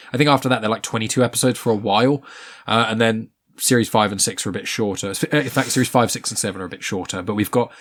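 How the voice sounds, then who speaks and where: A man hosting a casual podcast chat, opinionated and quick to swear. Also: medium pitch, fairly bright tone. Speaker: podcast host.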